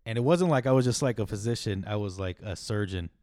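A young man co-hosting a podcast, talking casually and haltingly, often restarting his sentences. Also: on the low side, lively intonation, dark tone, no room sound, studio quality. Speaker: podcast co-host. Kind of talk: casual chat.

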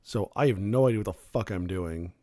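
Low-voiced man chatting casually, dry sound. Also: a little fast, no room sound. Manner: rambling, self-correcting, animated when telling stories. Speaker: game master. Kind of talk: casual chat.

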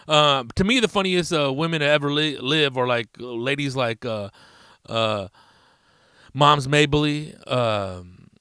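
A man's voice: medium pitch, pushed and bright, clean tone, dry recording, studio quality. A young man hosting his podcast, talking loose and profane, rambling in slang with frequent laughs. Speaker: podcast host. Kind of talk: casual podcast monologue.

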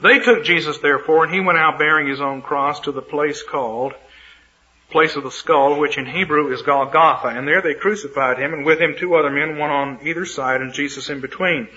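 A male Bible teacher reads a passage and then breaks off into emphatic, dramatic commentary on it. His voice is very bright and sits a bit high for a man. It comes through a dull, lo-fi radio broadcast. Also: brisk. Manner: emphatic, dramatic retelling of scripture. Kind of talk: sermon reading scripture with commentary.

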